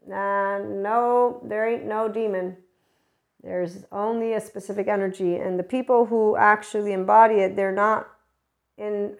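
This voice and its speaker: Woman host for a loose spiritual talk show, mid-pitched, rambles and laughs, swears freely. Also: vocal fry, a little mellow. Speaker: podcast host. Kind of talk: casual spiritual monologue.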